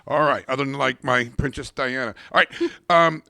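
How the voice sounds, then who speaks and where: A man's voice: mid-range voice, moderate pace, vocal fry, sharp tone, no echo, studio quality. A man co-hosting a casual podcast, reading out calendar quotes in a rambling, self-correcting way and swearing now and then.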